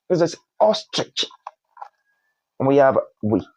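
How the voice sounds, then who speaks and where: Slow, deliberate male phonics teacher. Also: medium pitch, lively intonation, warm tone, no room sound, poor audio. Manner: slow, spells out letters one by one, repeats words. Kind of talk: spoken phonics lesson.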